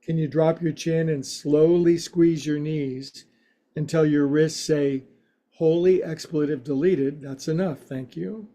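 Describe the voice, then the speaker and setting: Male yoga instructor, warm mellow tone, slightly higher voice, joking folksy delivery. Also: steady tone. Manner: playful, folksy quips between slow cues. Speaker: yoga teacher. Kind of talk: guided yoga class instruction.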